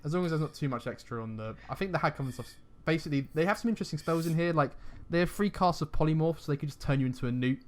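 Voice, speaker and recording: A man co-hosting a casual discussion of a tabletop game, talking fast and rambling with many restarts. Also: on the high side. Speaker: podcast co-host.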